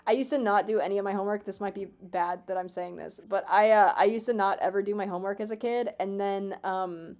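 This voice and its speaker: A woman in her twenties streaming a game, chatting casually with her viewers, swearing freely, excitable and self-mocking. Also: medium pitch, quick pace, hardly any pauses. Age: 20s. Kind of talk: casual live-stream chat.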